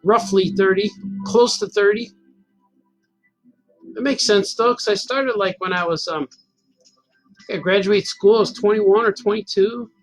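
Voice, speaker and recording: A man's voice: high voice, unhurried, long pauses, soft background music. A man in his fifties telling a rambling, self-mocking story in a casual chat as a cartoonist host. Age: 50s. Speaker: cartoonist hosting a stream.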